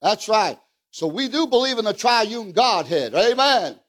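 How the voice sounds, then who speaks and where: Man, very high voice, revival preacher, fiery, rhetorical, shouts amens. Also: sing-song, measured pace. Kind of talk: revival sermon.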